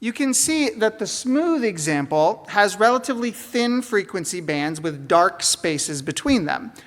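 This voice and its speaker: A woman's voice: medium pitch, big pitch swings, a little slow, soft background music. A woman giving an academic lecture, explaining steadily with occasional fillers and asides. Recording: roomy hall reverb.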